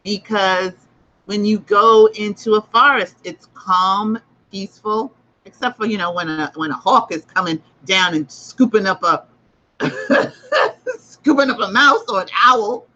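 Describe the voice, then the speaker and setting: A woman hosts a spiritual discussion stream and drives her points home through emphatic repetition. Her voice is bright and forward. The audio is a little dull, like a lo-fi stream. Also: mid-range voice, measured pace. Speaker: host. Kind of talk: livestream spiritual book discussion.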